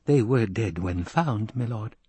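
A man's voice: on the low side, animated, a little slow, dark tone, husky, no echo, exaggerated voice. A man voicing a silky, scheming male advisor who hesitates and defers to his lord. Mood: deferential.

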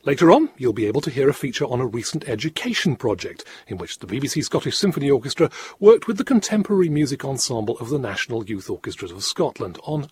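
A man presenting a radio music programme, explaining in a lively, expressive way. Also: mid-range voice, long reverb tail, slight background noise.

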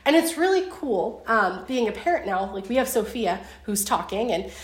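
A young woman leading a casual Bible lesson for a group, talking in a chatty way with lots of fillers and lively storytelling. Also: a little high, normal speed. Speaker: Bible study teacher. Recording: roomy echo.

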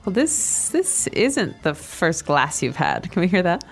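A woman hosting a language lesson podcast, explaining phrases slowly and repeating them. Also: lowish voice, big pitch swings, faint music behind.

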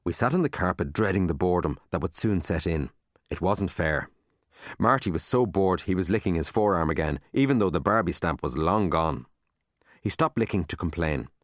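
A man narrating a children's book aloud in a lively, expressive storytelling manner, close to the mic. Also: low voice, moderate pace, no echo. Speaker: audiobook narrator.

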